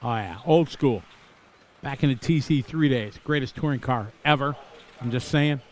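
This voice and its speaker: A man's voice: mid-range voice, moderate pace. A middle-aged man from Wisconsin giving live, chatty commentary on a radio-controlled car race, rambling into asides between calls.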